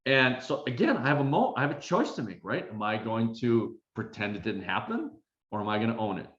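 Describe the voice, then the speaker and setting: A middle-aged man, a confidence coach, telling a self-deprecating story in an animated way with many fillers. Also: mid-range voice, a little fast. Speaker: confidence coach and keynote speaker. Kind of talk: storytelling talk. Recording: roomy, dull recording.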